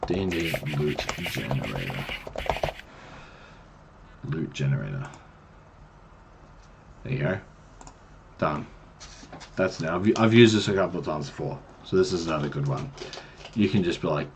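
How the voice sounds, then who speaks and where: A man's voice: extremely low pitch, expressive, measured pace, gravelly, pauses often, slight background noise. A man casually giving tips to new game masters on a livestream, rambling and chatty with many fillers. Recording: dull lo-fi stream mic.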